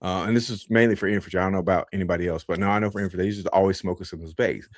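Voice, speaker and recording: Low, animated man telling a story. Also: rapid-fire, dry recording, studio quality. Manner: animated, acts out quotes with big pitch jumps; repeats and restarts often. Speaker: podcast host. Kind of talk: casual storytelling.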